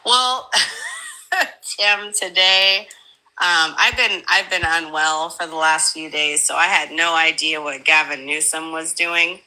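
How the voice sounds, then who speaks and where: Animated, bright-voiced woman talking politics. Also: deep voice, slow, low-quality recording. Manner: animated, laughing, emphatic with rising bursts. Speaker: guest commentator. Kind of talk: casual political chat.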